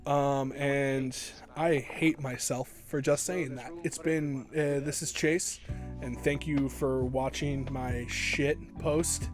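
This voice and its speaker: A man's voice: mid-range voice, steady tone, takes it slowly, music in the background. A young man telling an exaggerated comic story for his vlog, swearing freely and building it up like an epic battle. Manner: profane, exaggerated, mock-epic. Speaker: vlogger. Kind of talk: comedic storytime monologue.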